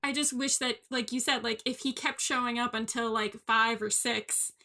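A woman's voice: fairly high pitch, fairly even intonation, pushed and bright. A young woman co-hosting a casual movie chat, enthusiastic and chatty. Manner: enthusiastic, chatty, quick laughs.

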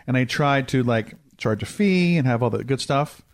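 A man in a laid-back podcast conversation, mid-pitched and easygoing. He keeps slipping puns into his explanations and chuckles at his own jokes. The sound is dry, with no room echo. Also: animated, normal speed. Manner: joking, cheese puns, laughs easily. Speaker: podcast host. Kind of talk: casual podcast chat.

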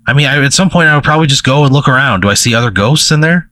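A man's voice: mid-range voice, expressive, racing, sharp tone. Exasperated, profane man. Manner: exasperated, heavy swearing. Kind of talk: improvised comedy banter.

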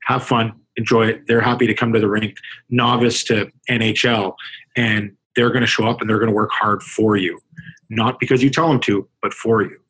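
A man's voice: fairly low pitch, fairly even intonation, moderate pace, a bit bright, slightly rough, poor audio. A man from Canada, a hockey coach, talking through his coaching experiences in a casual interview, reflective and full of restarts. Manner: conversational, reflective, with frequent restarts.

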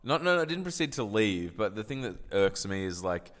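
Aussie bloke rambling a story on a podcast, low voice, echoey. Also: male voice, sing-song, a little fast, a bit bright. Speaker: podcast co-host. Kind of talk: casual comedic podcast chat.

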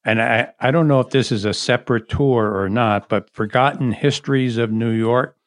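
A male interviewer asks curious questions and nudges his guest along. His pitch is at an average male level. The sound is dry and close-miked. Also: moderate pace, dry recording. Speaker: interviewer host.

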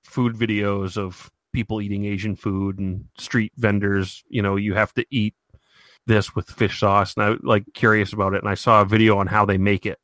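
A man's voice: fairly low pitch, little pitch movement, moderate pace, a bit bright, no echo. A man co-hosting a podcast in casual, rambling chat, full of fillers and restarts. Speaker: podcast co-host.

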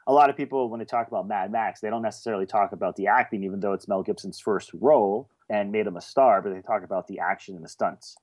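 A man's voice: lowish voice, quick pace, hardly any pauses. Opinionated man debating films. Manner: animated, opinionated. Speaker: podcast co-host. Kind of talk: casual film discussion.

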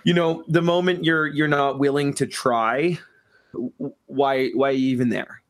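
Male podcast host, medium pitch, enthusiastic, circles around his point. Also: fairly even intonation, measured pace. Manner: earnest, rambling, many restarts. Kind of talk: casual interview chat.

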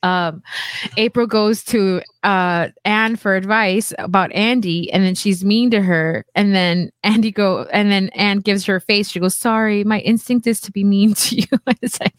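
A woman's voice: medium pitch, dry recording. A woman co-hosting a casual TV recap podcast, rambling and laughing often as she talks. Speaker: podcast co-host. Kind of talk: casual chat.

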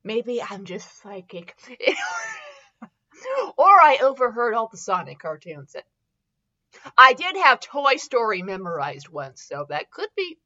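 Woman reading fanfic aloud, sarcastic asides, lively bright voice, dull lo-fi sound. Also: fairly high pitch, unhurried. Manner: sarcastic, laughing asides, stumbles over words. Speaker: podcast host reading fanfiction.

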